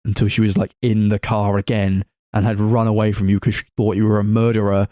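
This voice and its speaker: A man's voice: fairly low pitch, little pitch movement, fairly quick, mellow, dry recording, clean studio sound. A man co-hosting a casual movie review podcast, sarcastic and mocking, swearing freely. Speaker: podcast co-host.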